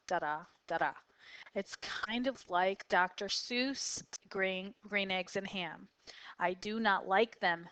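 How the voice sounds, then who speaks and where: A woman teaching a poetry lesson, explaining patiently and slowly with occasional fillers. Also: medium pitch, fairly bright tone, smooth, no room sound, rough recording. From United States. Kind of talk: classroom lecture on poetry.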